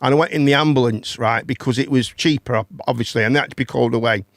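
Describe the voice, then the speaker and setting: A man's voice: medium pitch, fast talker, no echo, studio quality. A man, hosting a casual chat and telling a long story, rambling, swearing and repeating words. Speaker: host.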